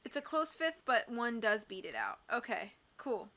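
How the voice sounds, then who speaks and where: Bright-voiced woman streaming a game. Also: on the high side, big pitch swings, normal speed, a little hiss or hum. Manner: casual, chatty. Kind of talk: live game playthrough commentary.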